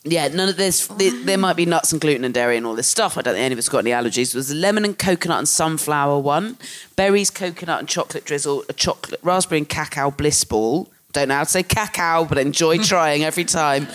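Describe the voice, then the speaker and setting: A host tastes food and banters at an ordinary middle pitch. The host is playful and swears freely, with laughter breaking in often. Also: fast talker, a bit bright. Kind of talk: casual chat.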